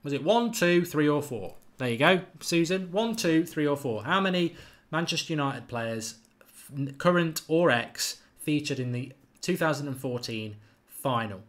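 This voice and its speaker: A man hosting a live football quiz stream, chatting casually and quickly reading out viewers' names and answers. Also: fairly high pitch, expressive, a bit bright. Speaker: football channel host running a live quiz.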